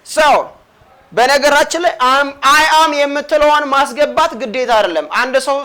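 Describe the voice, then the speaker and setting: Woman, Ethiopian accent, English teacher, high voice, bright, drills phrases, switches between English and Amharic. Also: racing. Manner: coaxing learners to answer and repeat. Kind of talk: classroom language lesson.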